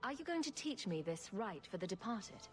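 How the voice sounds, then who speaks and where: A woman's voice: mid-range voice, very animated, moderate pace, soft background music, natural voice. A woman playing a wry young adventurer. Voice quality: sarcastic, offhand. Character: dry, wry young female human adventurer. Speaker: player character in a video game. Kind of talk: video game voice acting.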